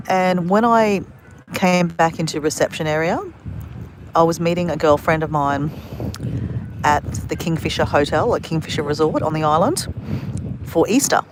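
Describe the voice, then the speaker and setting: A woman with a deep voice livestreams from her phone on a beach at sunset, casually rambling through a story as a travel vlogger and correcting herself along the way. There's a little hiss or hum.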